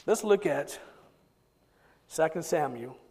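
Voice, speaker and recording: A man preaching a sermon as pastor, emphatic and conversational, often repeating words in quick bursts as he drives a point home. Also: on the high side, expressive, gravelly, a little mellow. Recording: long reverb of a large hall.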